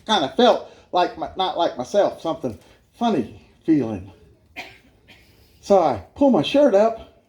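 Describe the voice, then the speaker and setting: Lively high-voiced man telling a funny story. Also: measured pace, pauses often. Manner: animated storyteller, laughing often. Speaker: guest speaker giving his testimony. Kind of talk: humorous life-story testimony.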